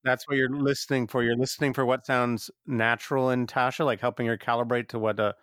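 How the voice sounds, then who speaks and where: A man's voice: mid-range voice, flat delivery, a little fast, fairly bright tone, dry recording, clean studio sound. A man hosting a podcast, curious and asking clarifying questions in casual chat. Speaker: podcast host.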